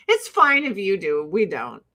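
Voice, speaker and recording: Woman livestream host from the Joliet area, mid-pitched, crude and wisecracking with her viewers. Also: sharp tone. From Joliet, Illinois, USA. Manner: profane, blunt, jokey. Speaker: livestream host and beauty product seller. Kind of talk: casual livestream chat with viewers.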